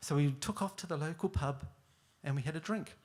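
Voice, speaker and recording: A man's voice: on the high side, a little fast, a little mellow, natural voice. A man voicing his brother on the witness stand as a meek, overly polite young man who keeps saying "sir". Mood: sheepish. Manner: sheepish, deferential, says "sir".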